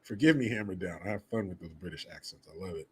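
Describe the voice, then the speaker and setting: Hosting a livestream, a man chats casually and reads out viewer donations with crude, profane joking banter. His voice is low and darkish with a breathy edge, and he talks at a quick pace.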